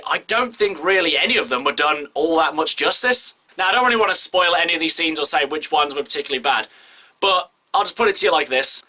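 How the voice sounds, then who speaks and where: A man's voice: a little high, bright, forceful tone. A man giving a casual, candid film review, talking in an opinionated, chatty way.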